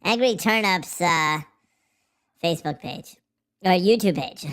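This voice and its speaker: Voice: medium pitch, animated, slow pace, pauses often, fairly bright tone. A livestream host chatting casually in a silly put-on voice, rambling, swearing and goofing around. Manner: profane, rambling, goofy.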